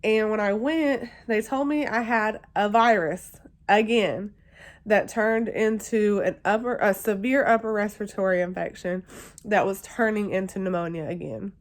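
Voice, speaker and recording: A woman's voice: mid-range voice, normal speed. A young woman vlogging, telling a personal story in a chatty, emotional way with lots of fillers. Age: young adult. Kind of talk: casual storytelling to camera.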